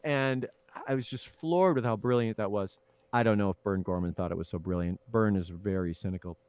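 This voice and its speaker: A man, a film actor, telling lively anecdotes in a casual interview, with chuckles and restarts. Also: fairly low pitch, fairly quick, smooth, dry recording.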